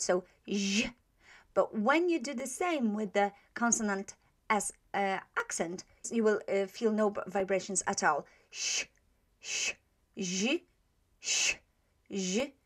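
A woman teaching a pronunciation lesson. She demonstrates each sound patiently and repeats it several times, with frequent hesitations. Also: mid-range voice. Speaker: language teacher.

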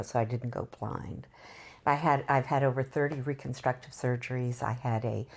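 Very deep-voiced woman telling her story. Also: a little mellow. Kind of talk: personal account in interview.

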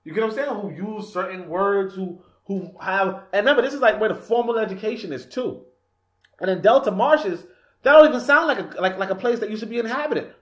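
His voice high and animated, a little fast, a male radio host and author rambles through a casual talk-radio monologue. He laughs frequently and keeps saying "you know," recorded in an echoey room.

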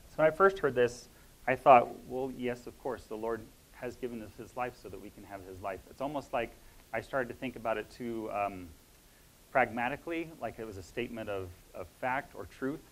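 A man sharing a spiritual reflection with a church congregation, talking in a reflective, halting way with many pauses and fillers. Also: mid-range voice, slight background noise, low-quality recording. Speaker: church member sharing a word. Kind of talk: informal sermon sharing.

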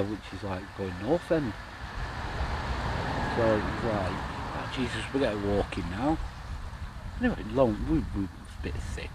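Mancunian middle-aged angler, rambling salty storyteller, outdoor lakeside noise behind him. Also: male voice, fairly low pitch. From Manchester, England. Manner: rambling, swearing, chuckling storyteller. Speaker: angling vlogger. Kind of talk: casual anecdote. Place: outdoors by a lake, boat noise nearby. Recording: noisy outdoor lakeside recording.

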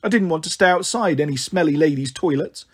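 A man reading a storybook aloud, voicing a bratty, defiant little boy who yells and whines. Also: fairly quick, slightly rough. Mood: wailing. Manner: shrill, yelling, whining.

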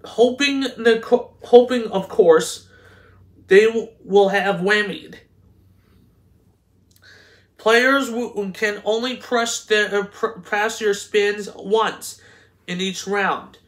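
Man, high-pitched voice, reading game instructions, halting, stumbling, many restarts. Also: a bit bright. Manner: halting, stumbling over words with frequent restarts. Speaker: host.

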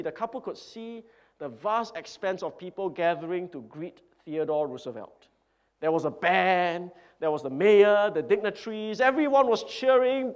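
A man preaching a sermon as pastor, speaking earnestly and emphatically, with repeated phrases. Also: high-pitched.

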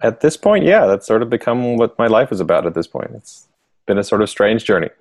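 A man's voice: lowish voice, sing-song, fairly quick, darkish tone, dry recording, studio quality. A man, an author and interview guest, explaining his ideas thoughtfully with frequent fillers. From United States. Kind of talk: casual interview.

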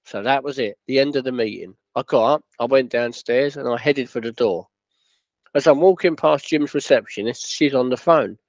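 A man narrating a football club history in a plain, steady storytelling way, with quoted dialogue. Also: mid-range voice, normal speed, no echo, dull audio.

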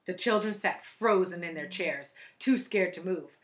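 A woman reading a chapter book aloud to children, lively and inviting them to join in. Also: fairly low pitch, unhurried. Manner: lively, asks listeners to try along. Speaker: storybook reader.

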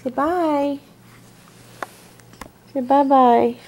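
A mother filming her newborn at home and talking to her in gentle, sing-song baby talk. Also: high-pitched, very slow, slight background noise. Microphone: handheld camcorder.

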